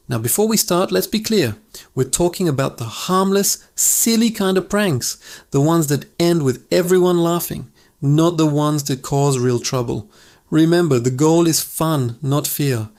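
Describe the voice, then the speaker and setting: A man's voice: a little high, darkish tone. Upbeat male storyteller hosting a channel. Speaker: channel host. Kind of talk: scripted storytelling narration.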